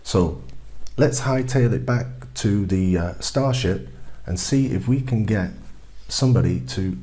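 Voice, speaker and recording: A man voicing a chatty, excitable male traveler. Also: on the low side, a little slow, close to an everyday voice. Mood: chirpy.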